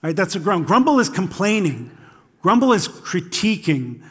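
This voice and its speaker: A man's voice: sits high, sing-song, moderate pace, fairly bright tone, husky. A middle-aged man preaching a conversational sermon, often checking in with the listeners as he goes. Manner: conversational, frequently checks in with "right?". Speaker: pastor.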